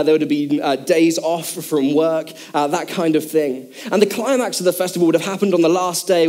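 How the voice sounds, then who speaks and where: A man's voice: fairly high pitch, warm tone. A man preaching a sermon in a casual, chatty way with many fillers, speaking to a congregation in a church hall.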